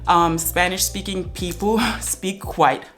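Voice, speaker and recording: A woman's voice: on the low side, steady tone, slow pace, a bit bright, faint music behind. A young woman talking casually to camera as a language-learning vlogger, chatty and thinking aloud with fillers and restarts. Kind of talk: casual explanatory talk to camera.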